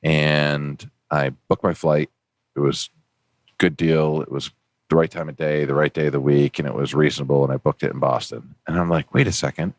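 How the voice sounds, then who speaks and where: Very deep-voiced man telling a story. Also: normal speed, no room sound, studio quality. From New Hampshire. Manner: animated anecdote-teller, jumps pitch when quoting people. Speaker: podcast co-host. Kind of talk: casual storytelling chat.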